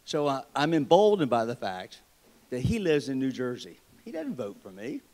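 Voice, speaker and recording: A man with a Southern US accent addresses a convention crowd from the podium. He tells his stories in a folksy, wry, joking way. His voice sits at an average pitch for a man. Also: wildly swooping pitch, moderate pace, a little mellow. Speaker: state treasurer giving a convention speech. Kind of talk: political speech with folksy storytelling. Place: convention hall.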